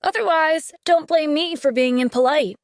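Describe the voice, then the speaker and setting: A woman voicing a calm, stern young man who heads a security department, speaking firmly in an audio drama. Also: high voice, normal speed, no room sound, studio quality, voice pushed up. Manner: cool, firm, demanding. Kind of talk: audiobook character voice.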